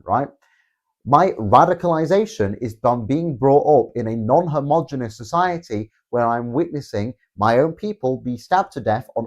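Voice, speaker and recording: A man, hosting a live stream, reading viewer comments aloud in a rambling, sarcastic way and swearing often. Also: medium pitch. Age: 20s. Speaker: livestream host.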